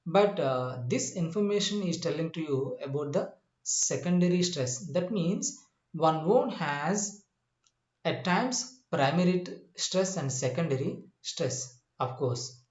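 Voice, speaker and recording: Guy teaching english real slow, kinda high voice, keeps repeating stuff, echoey room. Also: expressive. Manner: slow and deliberate, repeats points, many "uh" and "you know" pauses. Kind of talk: slide-based lesson.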